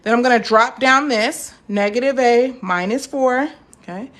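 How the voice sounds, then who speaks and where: A woman's voice: on the high side, normal speed, fairly bright tone. A young woman teaching a live math lesson, chatty and encouraging, stopping to answer viewer comments.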